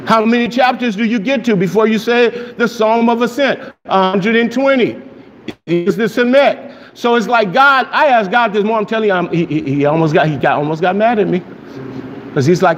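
A man preaching a sermon, excited and emphatic, often asking his listeners questions. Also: high-pitched, moderate pace. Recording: long echo of a hall, faint noise.

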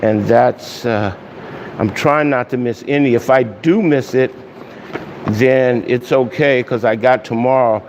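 A man serving as pastor, leading a casual online Bible study and prayer, greeting viewers with loose pauses and fillers. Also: mid-range voice, a little mellow. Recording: dull hall echo with faint hiss.

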